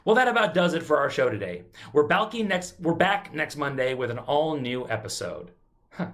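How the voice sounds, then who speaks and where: A man's voice: fairly high pitch, sing-song, moderate pace, fairly bright tone. A man hosting a comedic talk show, teasing his guest in a dry, sarcastic manner. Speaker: host.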